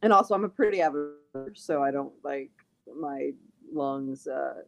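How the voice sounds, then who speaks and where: A woman from Los Angeles, a guest in a casual chat, talking in a lively, chatty way and laughing often. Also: low voice, moderate pace, vocal fry, soft background music. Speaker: podcast guest, artist.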